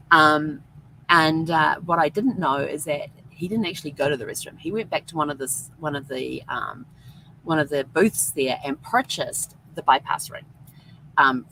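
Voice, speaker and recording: A woman's voice: on the low side, a bit bright, slight background noise, rough recording. A middle-aged woman hosting a show, chatty and rambling as she tells a personal story and quotes herself and her husband. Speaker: host.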